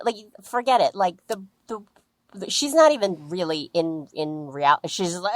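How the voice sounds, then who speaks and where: A woman's voice: fairly low pitch, normal speed, no room sound. A woman guest on a podcast telling a story casually and acting out the people in it. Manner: animated, acts out the people in her stories.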